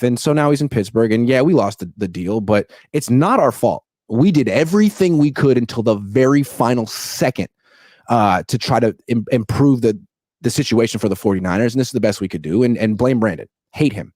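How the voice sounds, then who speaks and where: A man hosting a casual sports talk show, animated and mocking. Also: fairly quick, no echo, clean studio sound. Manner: animated, mocks others in exaggerated high voices. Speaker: podcast host.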